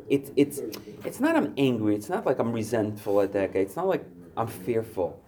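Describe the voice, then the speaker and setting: At a recovery workshop, a man with a mellow, mid-range voice gives an earnest, searching personal share. He uses many fillers as his talk grows more intense.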